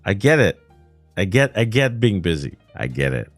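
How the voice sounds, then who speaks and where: Lively whiny man with Quebec French accent. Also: lowish voice, moderate pace, no echo, soft background music. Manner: whiny, ranting, laughs often, swears. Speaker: streamer. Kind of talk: casual livestream chat.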